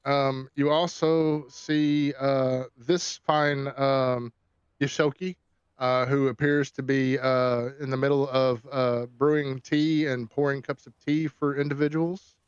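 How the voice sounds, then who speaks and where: A man narrating as game master of a tabletop game, pausing often with ums and restarting his sentences. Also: mid-range voice, level tone, smooth, no echo. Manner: halting, many ums and restarts while describing scenes. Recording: dull lo-fi dry sound.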